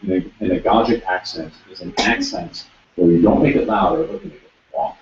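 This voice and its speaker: Low-voiced man coaching guitar, roomy distant sound. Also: a little fast, lo-fi sound. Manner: direct, coaching, repeats instructions. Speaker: guitar teacher. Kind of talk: one-on-one music lesson.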